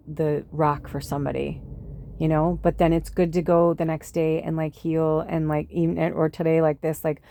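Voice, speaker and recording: Podcast host, woman, low-ish voice, dry close sound, heated and rambling with lots of swearing. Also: mellow, dry recording. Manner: impassioned, swearing, many fillers. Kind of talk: casual rambling monologue.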